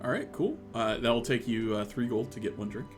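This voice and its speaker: Animated, playful game master. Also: male voice, medium pitch, fairly quick, over music. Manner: animated, playful, laughing often. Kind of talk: narrating a tabletop game.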